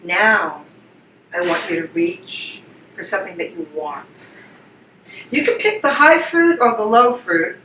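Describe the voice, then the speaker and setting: Woman coaching a workshop group, soft repeated prompts, far from the mic in an echoey room. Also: mid-range voice, lively intonation, a little slow, a little hiss or hum. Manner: repetitive, soothing coaching prompts. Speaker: workshop facilitator. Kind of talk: guided group exercise. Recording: roomy, distant mic with faint ambience.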